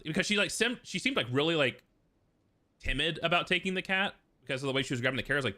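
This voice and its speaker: A young male streamer tells a long, rambling story casually, talking fast in a fairly high, animated voice with a sharp tone. He swears often and packs it with fillers, especially "like."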